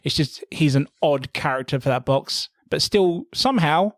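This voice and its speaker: Upbeat guest, slightly high voice. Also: male voice, animated, normal speed, no echo, studio quality. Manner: enthusiastic, friendly, says sir and mate. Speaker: guest co-host. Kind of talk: casual chat.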